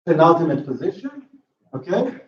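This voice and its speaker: A man giving an academic talk in linguistics, halting and restarting often, checking in with the audience. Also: on the high side, very animated, distant mic. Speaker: linguistics lecturer. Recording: roomy lo-fi hall recording from afar.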